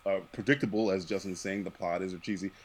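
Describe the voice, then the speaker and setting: A man's voice: low voice, quick pace. A man hosting a podcast, talking casually and profanely, with frequent laughter. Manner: animated, profane, laughs often. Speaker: podcast host. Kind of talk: casual chat.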